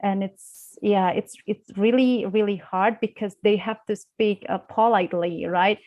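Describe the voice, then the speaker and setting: Indonesian-accented young woman guest, hesitant and full of fillers, mid-pitched voice. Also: steady tone, unhurried, lo-fi sound. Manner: hesitant, many fillers and restarts. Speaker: guest speaker on English accents. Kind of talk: live online class discussion.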